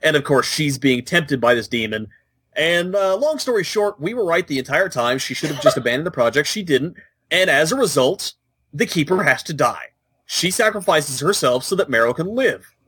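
A man's voice: fairly high pitch, sing-song, normal speed, a bit bright, husky, no room sound. A man co-hosting a casual video game podcast, emphatic and argumentative, sure of his points. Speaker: podcast co-host. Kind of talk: casual chat about video games.

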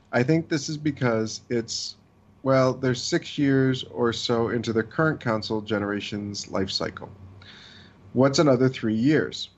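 A man co-hosting a podcast, reading a listener email and chatting in a measured way. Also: mid-range voice. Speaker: podcast co-host. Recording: dull lo-fi sound.

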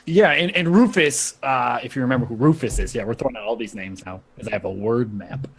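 A man's voice: mid-range voice, fairly quick. A man narrating as game master of a tabletop role-playing game, rambling with frequent fillers and laughter.

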